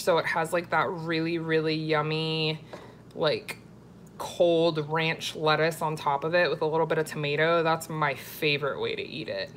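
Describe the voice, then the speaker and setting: A woman's voice: deep voice, a bit bright, a little hiss or hum. A woman from Florida chatting casually with viewers on a live cooking stream and reading their comments aloud. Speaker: cooking vlogger.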